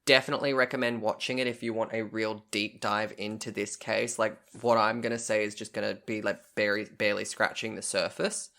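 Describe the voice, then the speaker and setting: A man's voice: on the low side, little pitch movement, fairly quick, gravelly, few pauses, sharp tone. A man co-hosting a podcast, recounting a story in a chatty, casual way, swearing freely and acting out what people said. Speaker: podcast co-host.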